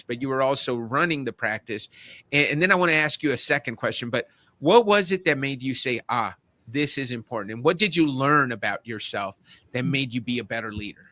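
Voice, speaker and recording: Male podcast host, enthusiastic, rambling; bright tone, dry close sound. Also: mid-range voice, dry recording. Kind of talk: conversational interview.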